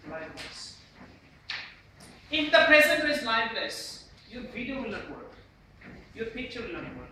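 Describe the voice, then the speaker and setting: A man with a Bangladeshi English accent lecturing a university class on presentation gestures, often checking in with "Clear?" and "Yes?". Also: extremely high pitch, measured pace, long pauses. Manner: animated, repeatedly asks "Clear?" and "Yes?". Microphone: camera at the back of the room. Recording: echoey classroom from far off, noisy.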